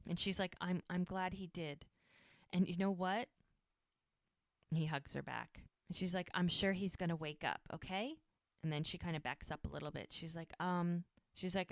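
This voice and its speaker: Smooth-voiced woman recapping a show. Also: low-pitched, no room sound, studio quality. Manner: retells scenes with quoted lines, animated. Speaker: podcast co-host. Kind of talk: casual recap chat.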